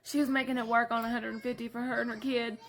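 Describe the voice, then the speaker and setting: A woman's voice: a little high, level tone, quick pace, a bit bright. A working mother venting in a vlog, angry, tearful and swearing. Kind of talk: emotional vlog rant.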